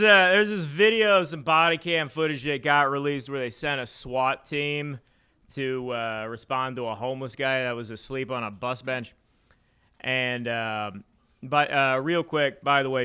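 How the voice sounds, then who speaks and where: Male stand-up, bright and smooth tone, deadpan dark humor, halting delivery. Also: medium pitch. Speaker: stand-up comedian. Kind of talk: stand-up set at an open mic. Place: small comedy club with live audience.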